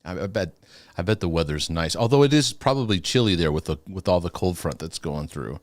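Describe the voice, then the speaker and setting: A man's voice: low-pitched, lively intonation, brisk, no room sound. A man hosting a live-streamed Q&A, chatting casually with viewers, laughing often and restarting his sentences. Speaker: host of a live Q&A.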